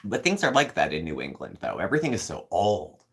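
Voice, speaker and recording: Low-voiced man chatting on a live stream. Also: wildly swooping pitch, a little fast, vocal fry, a bit bright. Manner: rambling, answers viewer comments as they come in. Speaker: host. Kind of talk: casual live-stream chat.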